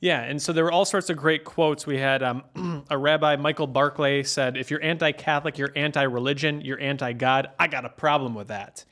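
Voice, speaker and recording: A man's voice: fairly high pitch, steady tone, fairly quick, hardly any pauses, a bit bright. A man co-hosting a podcast in casual chat, earnest, reading out quotes and hedging with "I think". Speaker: podcast co-host.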